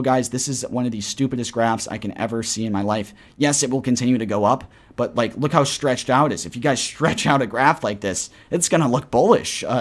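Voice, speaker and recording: A man giving casual, rambling chart commentary on a live stream. He keeps repeating "right?" and "guys", and his voice swings between loud and soft. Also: mid-range voice. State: tired after a flight. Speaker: crypto trading streamer.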